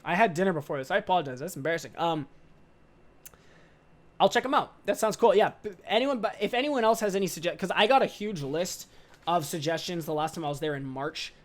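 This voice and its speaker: A young man in his twenties hosting a casual podcast, rambling in loose slang with casual swearing and an upbeat, excitable manner. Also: high voice, a little fast. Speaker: podcast host.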